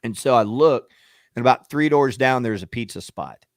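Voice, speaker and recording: A man's voice: mid-range voice, lively intonation, moderate pace, no echo, studio quality. Profane storytelling radio co-host, male. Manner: profane, acts out shouting matches in quotes. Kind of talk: animated storytelling.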